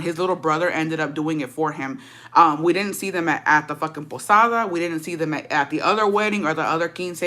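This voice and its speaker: A woman's voice: low-pitched, a bit bright. A young woman telling a story in a casual, brash and profane way. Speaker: vlogger.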